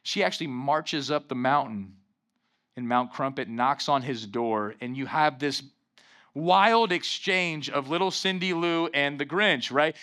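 A young adult man preaching with real energy, his voice bright and a little higher than most men's. He keeps checking in with the room for an amen, swinging between quiet, intimate stretches and rising, fervent crescendos. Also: a little slow. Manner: animated preaching with call-and-response "amen". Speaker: pastor. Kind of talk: sermon.

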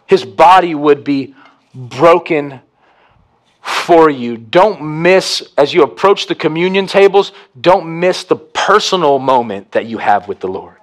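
A pastor preaching a communion sermon, swinging from hushed to emphatic. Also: male voice, a little high, expressive, a little slow.

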